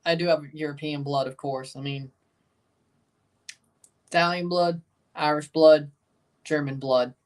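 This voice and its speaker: A man hosting a live sports watchalong, talking in a loose, rambling way and repeating his points. His voice sits slightly high. He is a little off the mic, so it sounds somewhat distant. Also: fairly even intonation, measured pace, long pauses. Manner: rambling, repeats himself, chuckles. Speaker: livestream watchalong host. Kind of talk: casual live reaction chat.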